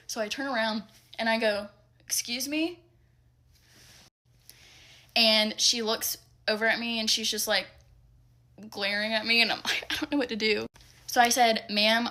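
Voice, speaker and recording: A young woman telling a casual storytime about a rude customer, animated and exasperated, acting out the dialogue. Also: medium pitch.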